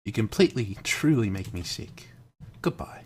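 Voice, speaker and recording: A man voicing a heartbroken, obsessive teenage club president girl in a put-on British accent, pleading and halting in a live dramatic reading of a visual novel. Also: lowish voice, lively intonation, a little hiss or hum. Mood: despairing.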